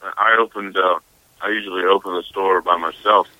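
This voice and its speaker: A man's voice: deep voice, steady tone, moderate pace, dry recording, narrow, tinny audio. A man co-hosting by phone in casual chat, telling stories in a rambling, hesitant way full of fillers. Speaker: co-host calling in by phone.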